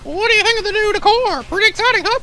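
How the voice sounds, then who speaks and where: A man's voice: very high voice, fast, sharp tone, soft background music, pitched above the performer's own voice. A man voicing a gleeful, mischievous male robot bear headmaster in a sing-song, teasing way while reading game lines aloud. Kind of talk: video game voice-over reading.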